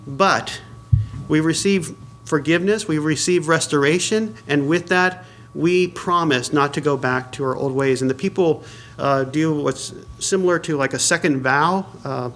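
A man with a slightly higher-than-usual voice preaches a sermon to his congregation. He keeps it conversational, full of "uh" and restarts, and poses questions to the listeners. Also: measured pace, a bit bright. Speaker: pastor.

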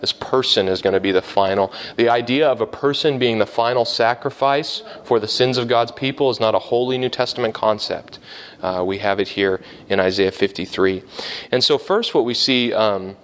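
A man's voice: lowish voice, normal speed, fairly bright tone. A man teaching a Bible class, explaining step by step with many fillers and restarts.

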